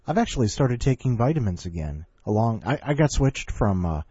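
A man's voice: mid-range voice, very animated, fairly quick, dark tone, breathy edge, no room sound, muffled recording. A man hosting a show, chatting casually and joking about himself between segments. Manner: chatty and self-mocking, breaks into laughter. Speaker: podcast host.

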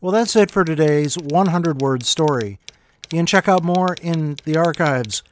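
A man's voice: on the high side, animated, measured pace, a little hiss or hum. A man hosting a podcast, reading a short story in a casual, wry, musing way with self-deprecating asides.

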